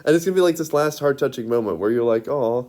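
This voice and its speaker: Speaking very fast with lively intonation, a man rambles through a casual monologue full of giggles, restarts, and constant "like". His voice is medium-pitched with a darkish tone.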